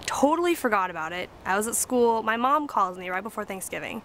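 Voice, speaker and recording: A young woman telling a story in a casual, excitable way, with lots of "like". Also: mid-range voice, a little fast, a little hiss or hum. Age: young adult. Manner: excitable and chatty, full of "like".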